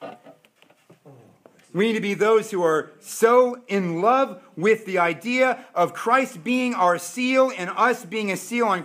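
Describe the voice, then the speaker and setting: A man preaching a sermon as a pastor, emphatic, with dramatic pauses and swings between loud and soft. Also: high-pitched. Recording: echoey room.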